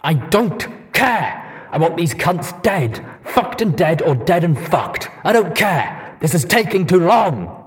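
A man's voice: fairly high pitch, expressive, takes it slowly, a little mellow, slightly rough, pitched above the performer's own voice, exaggerated voice. A man reading an audiobook, voicing a huge, cruel and impatient male raider pony who snarls and bellows. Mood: bellowing. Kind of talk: audiobook character voice.

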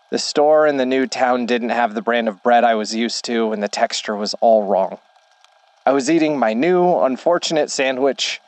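A man narrating a horror story in a slow, measured way. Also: mid-range voice, no echo.

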